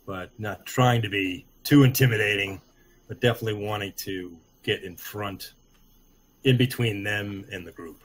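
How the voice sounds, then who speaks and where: A man describing his character's moves at a tabletop game in a low, quiet voice. He talks calmly and evenly, with faint noise behind him. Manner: quiet, measured, low-key. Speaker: player. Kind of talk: casual tabletop game play.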